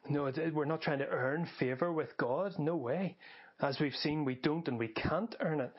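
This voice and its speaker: A man preaching a sermon for a podcast in an earnest, measured way, slowing down to stress key phrases. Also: a little high, lo-fi sound.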